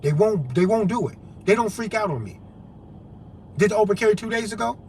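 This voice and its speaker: Man with a high-pitched voice, swearing, emphatic, repetitive, preaching to camera over faint background noise. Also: animated, fairly quick, darkish tone. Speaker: vlogger and activist. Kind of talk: impassioned monologue to camera.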